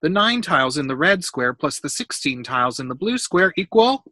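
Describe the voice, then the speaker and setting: A man's voice: on the high side, very animated, normal speed, sharp tone, no echo, studio quality, pitched above the performer's own voice, exaggerated voice. A man voicing a curious, eager young boy in a read-aloud storybook. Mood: wondering. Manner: eager, wondering.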